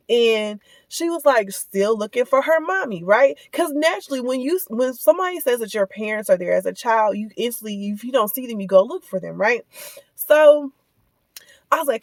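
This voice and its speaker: Animated mother telling a story, dry sound. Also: on the high side, measured pace, dry recording. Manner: animated, lots of asides and direct address to viewers. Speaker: vlogger and mother. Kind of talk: casual storytelling rant. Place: in a car, on the way to pick up kids.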